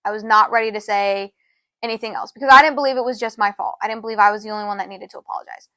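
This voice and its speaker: A woman's voice: steady tone, rapid-fire, sharp tone, no echo. A young woman co-hosting a podcast, telling a long personal story in a rambling, casual way. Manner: rambling, fillers like "da, da, da" and "low-key". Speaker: podcast co-host.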